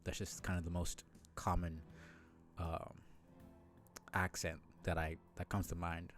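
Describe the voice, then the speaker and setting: A man's voice: sits low, flat delivery, unhurried, a bit bright, soft background music. A man streaming a game live, chatting in a rambling, self-deprecating way with lots of fillers.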